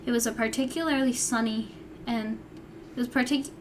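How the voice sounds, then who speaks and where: A woman's voice: on the high side, fairly even intonation, normal speed, noisy background. A young woman vlogger reading her old story aloud and breaking off for wry, chatty asides. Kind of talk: reading aloud with casual commentary.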